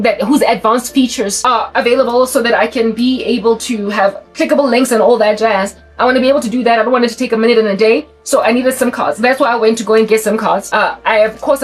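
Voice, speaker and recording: Fervent South African woman preaching to camera. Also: on the high side. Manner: fervent, preachy, rapid and repetitive, breaks into snatches of song. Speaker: Christian vlogger. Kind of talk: impassioned monologue to camera.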